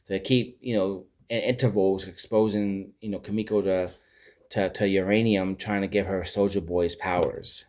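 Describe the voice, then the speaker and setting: A man with a fairly low voice recaps a TV series in a loose, chatty way. He rambles and gets animated, often stopping to search for the right word. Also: normal speed. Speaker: pop culture vlogger. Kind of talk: casual TV show recap.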